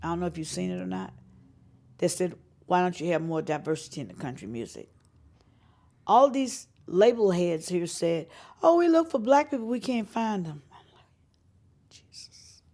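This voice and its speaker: A woman's voice: sits low, creaky. A woman from North Carolina, telling stories in an interview and acting out the people she quotes. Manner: acts out quoted voices, lively and emphatic. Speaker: interviewee, singer and showcase organizer. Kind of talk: animated storytelling interview.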